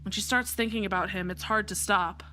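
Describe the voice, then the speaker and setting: A woman's voice: mid-range voice, fairly even intonation, a little fast, bright, forceful tone, a little hiss or hum. A woman streamer reading a visual novel aloud and chatting casually, rambling with fillers.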